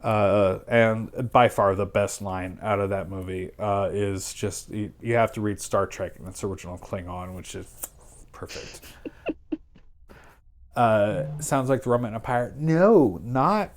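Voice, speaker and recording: A man hosting a stream, casually retelling plots in a sarcastic, rambling way with quick quoted asides. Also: fairly low pitch, slight background noise. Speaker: streamer host. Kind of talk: casual chat.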